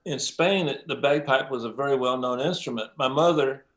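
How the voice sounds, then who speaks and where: An older man, a mix engineer as interview guest, telling stories in a lively way, acting out quotes, with many ums and some swearing. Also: mid-range voice, normal speed. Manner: animated storyteller, acts out quotes, frequent ums and profanity. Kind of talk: casual interview storytelling.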